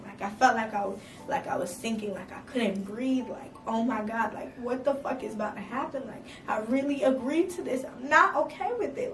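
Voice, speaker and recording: A young woman content creator telling a personal story, talking fast and saying "like" constantly. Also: fairly high pitch, a bit bright. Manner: fast, filler-heavy, says "like" constantly. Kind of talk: emotional storytime vlog. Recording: roomy, distant mic with background noise.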